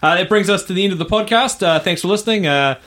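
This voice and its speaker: A man's voice: high-pitched, quick pace, fairly bright tone. A man co-hosting a podcast in casual chat, easygoing, with short reactions and asides. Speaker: podcast co-host.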